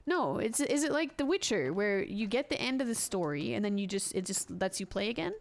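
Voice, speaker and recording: A woman streaming a video game, chatting with viewers and giggling loudly at what happens on screen. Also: mid-range voice, lively intonation, fairly quick, creaky. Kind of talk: live gameplay commentary.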